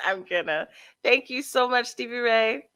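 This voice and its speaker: A woman's voice: fairly high pitch, animated, normal speed, bright, forceful tone. A woman guest on a podcast in casual interview chat, bubbly and enthusiastic.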